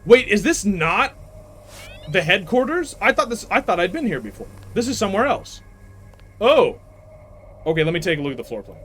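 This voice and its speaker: A male streamer giving casual gaming commentary, telling animated stories and laughing often. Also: high voice, normal speed, pauses often, soft background music.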